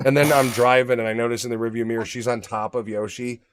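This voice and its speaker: A man co-hosting a podcast in casual chat, swearing freely and acting out his dogs in lively stories. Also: medium pitch, fast talker, clear, resonant tone. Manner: profane, animated storytelling, acts out his dogs. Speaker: podcast co-host.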